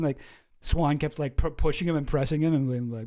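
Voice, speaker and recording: A young man with a slightly high, mellow voice talks through a news article on his stream. He rambles loosely, restarts his sentences and swears casually. It sounds like a relaxed, off-the-cuff commentary show. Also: a little fast. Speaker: streamer host.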